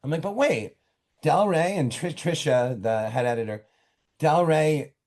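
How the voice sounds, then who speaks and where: This is a middle-aged author being interviewed from his home office, telling stories casually and with animation. He often restarts and throws in quick asides, and his voice runs a little high.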